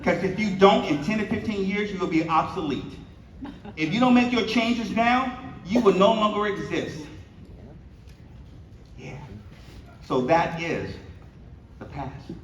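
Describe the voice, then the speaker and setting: With long pauses and a slightly slow delivery, a high-voiced man in his fifties gives a storytelling keynote at a luncheon, animatedly performing quoted dialogue and joking with the crowd. The banquet hall recording comes across as echoey, distant and slightly dull.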